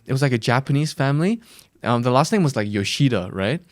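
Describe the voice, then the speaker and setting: A man's voice: mid-range voice, animated, fast, no echo, studio quality. A young man from Australia co-hosting a podcast, chatting in a laid-back, slangy way and saying bro a lot. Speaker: podcast co-host. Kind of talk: casual chat.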